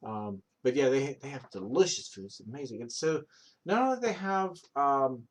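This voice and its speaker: A man's voice: medium pitch, expressive, moderate pace. A man in his thirties chatting casually on a stream, rambling and swearing freely, with many ums. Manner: rambling, filler-heavy, profane storytelling. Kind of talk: casual chat.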